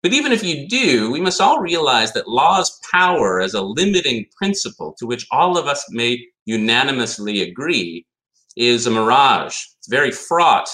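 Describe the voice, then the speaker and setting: Bright-voiced man giving a law lecture. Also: mid-range voice, very animated, moderate pace. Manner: emphatic, poses rhetorical questions; reads statute passages aloud. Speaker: conference speaker on law. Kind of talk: academic lecture.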